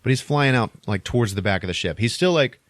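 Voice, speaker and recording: A man's voice: mid-range voice, expressive, fast talker, no room sound, studio quality. A man co-hosting a podcast, casually retelling a film plot in a rambling way, chuckling between lines and saying "like" a lot. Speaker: podcast co-host.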